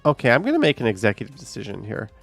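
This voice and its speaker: A man's voice: mid-range voice, huge pitch swings, rapid-fire, gravelly, slightly rough, soft background music. A man live streaming, chatting casually with viewers, rambling and swearing at voice assistants when annoyed.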